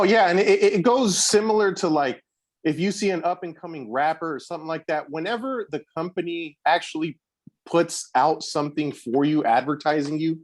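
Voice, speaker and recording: Upbeat male co-host, slightly higher voice, slangy sports chatter, dry sound. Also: dry recording. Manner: hyped, slangy sports talk. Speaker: podcast co-host. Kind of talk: casual chat.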